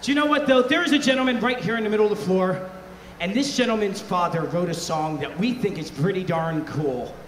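A man's voice: high voice, fairly quick. A man leading a band on stage, joking with and rousing the crowd between songs in a festival tent. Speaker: bandleader. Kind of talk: onstage crowd banter. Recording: echoey tent with live band music.

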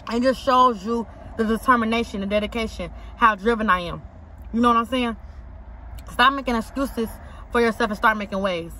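Pitched on the high side and a little fast, her voice is bright and forceful over slight background noise. In an eating vlog filmed in a car parked outside an auto shop, she speaks emphatically and slangily, repeating phrases in bursts for effect.

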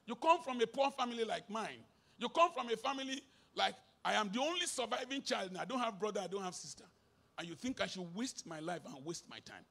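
High, gravelly Nigerian preacher. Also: male voice. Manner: emphatic, swinging from shouted bursts to low asides, mixing in Pidgin. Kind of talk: sermon.

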